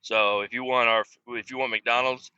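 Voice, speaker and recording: A man hosting a podcast, ranting casually with lots of swearing and sudden shouted outbursts. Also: medium pitch, little pitch movement, normal speed, smooth, no room sound, dull audio. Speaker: podcast host.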